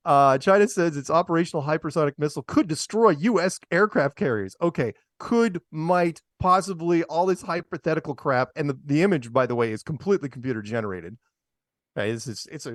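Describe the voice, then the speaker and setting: The man's voice is medium-pitched, captured as clean studio sound with no room sound. He runs a casual talk show, reading news stories and ridiculing them with sarcastic remarks and chuckles at his own humor.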